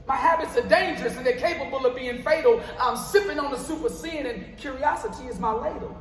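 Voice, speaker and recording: A man's voice: very high-pitched, brisk, fairly bright tone, a little hiss or hum. A man performing spoken word poetry live on stage, with a rhythmic, rhyming delivery. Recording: roomy live venue with long reverb.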